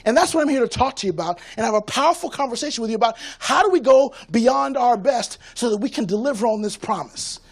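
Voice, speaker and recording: A man with a strikingly high voice delivers a motivational keynote from a conference stage. His delivery is rhythmic and preacher-like, and he builds each point toward a line the audience has to call back to him. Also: lively intonation, fast talker, hardly any pauses. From Tampa, Florida. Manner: rousing call-and-response, rhythmic preacher-like cadence.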